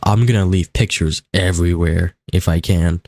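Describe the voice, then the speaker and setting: A man's voice: deep voice, steady tone, normal speed, a little mellow. A young man commentating a live game stream in a casual, rambling way, still groggy in his morning voice, on a desk mic at his home setup. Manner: casual, rambling, self-talk while playing. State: groggy just-woke-up morning voice. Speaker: livestreamer.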